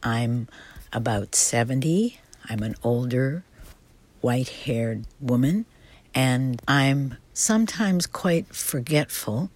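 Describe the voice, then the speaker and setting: A woman, a stage actor giving a slow, gentle scripted self-description. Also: rumbling low, expressive.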